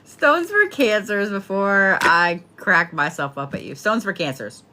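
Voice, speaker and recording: A woman's voice: medium pitch, expressive, measured pace, noisy background. A woman giving a casual spoken horoscope reading, talking bluntly and playfully with plenty of swearing. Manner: blunt, profane, chatty, playful. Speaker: tarot and astrology reader.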